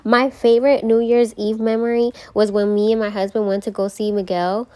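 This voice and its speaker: A woman's voice: on the high side, level tone, normal speed, warm tone, clean tone, faint music behind. A young adult woman chatting through a nail tutorial as a beauty vlogger, bubbly and gushing, calling her viewers friend.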